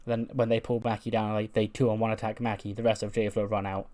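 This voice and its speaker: A man's voice: fairly low pitch, level tone, quick pace, darkish tone. A man casually narrating a wrestling simulation playthrough, chatty and full of fillers. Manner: chatty, filler-heavy, laughs now and then. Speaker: game narrator.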